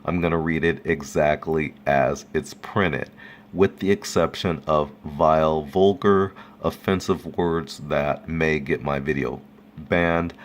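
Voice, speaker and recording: A man casually reading folk tales aloud, relaxed and chuckling at his own jokes. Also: very deep voice, takes it slowly, slight background noise. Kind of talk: casual read-aloud storytelling.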